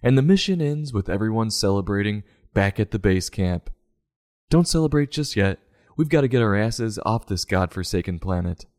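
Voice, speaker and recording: A man's voice: on the low side, animated, normal speed, darkish tone. A man giving a comedic, sarcastic review of a children's book in a mock-exasperated way.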